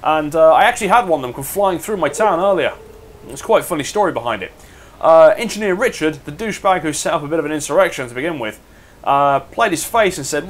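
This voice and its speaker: A man's voice: a little high, lively intonation, fast talker. A young man giving casual, crude, rambling game commentary. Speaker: gaming commentator. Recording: voice over game music.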